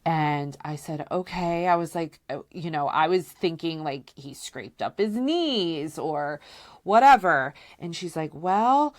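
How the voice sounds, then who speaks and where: A woman's voice: deep voice, a little slow. A woman hosting a podcast, telling candid personal stories in a chatty way, with lots of "like" and "you know". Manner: relaxed and candid, acts out quoted voices. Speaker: podcast host. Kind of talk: casual personal storytelling.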